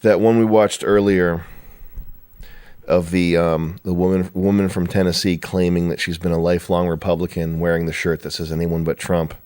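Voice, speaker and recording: A man's voice: low-pitched, level tone, moderate pace, darkish tone. A man hosting a podcast, chatting casually in a rambling, profane way and laughing often. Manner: mimics others in raised voice. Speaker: podcast host. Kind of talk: casual chat.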